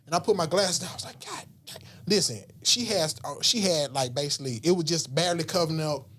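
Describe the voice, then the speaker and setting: A man's voice: fairly high pitch, fast talker, a bit bright. A man, telling a story in casual, slangy talk and acting out voices and whispers. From Southern US. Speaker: podcast guest.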